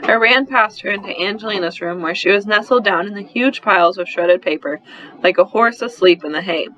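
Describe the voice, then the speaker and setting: A man narrating a first-person children's story in an expressive, brisk storytelling manner, on a slightly muffled recording. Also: sits high, slight background noise. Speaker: audiobook narrator.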